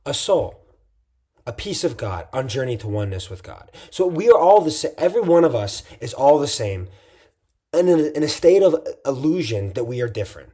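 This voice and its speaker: Husky, rambling man musing late at night. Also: medium pitch, sing-song, normal speed, mellow. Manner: rambling, full of "like" and restarts. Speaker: vlogger. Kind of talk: casual reflective monologue.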